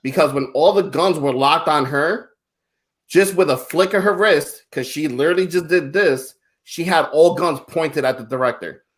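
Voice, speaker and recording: A man with a fairly high voice, chatting casually on a podcast. He tells stories in an animated, emphatic way. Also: normal speed. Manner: animated storytelling.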